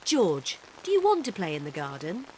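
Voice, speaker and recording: A woman's voice: on the low side, wildly swooping pitch, normal speed, darkish tone, a little hiss or hum. An actress voicing a patient, caring mother pig in a children's cartoon.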